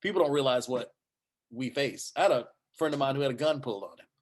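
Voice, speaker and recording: A man's voice: mid-range voice, fast talker. A man who is a news anchor, telling a personal story at a panel discussion and acting out the quoted voices. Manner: animated anecdote telling with acted quotes.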